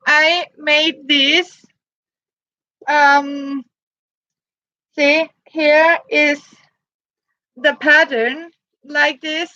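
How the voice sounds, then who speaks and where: A woman whose first language is Danish, showing her handmade boots and materials in halting, hesitant English with many pauses to search for words. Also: high voice, sharp tone, no echo, dull audio. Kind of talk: casual show-and-tell.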